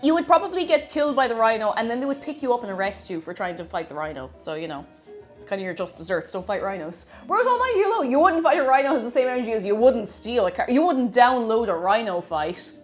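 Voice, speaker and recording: Lively chatty Irish woman streamer. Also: on the high side, fast talker, soft background music. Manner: chatty, reads out chat, lots of restarts. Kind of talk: casual live-stream chat.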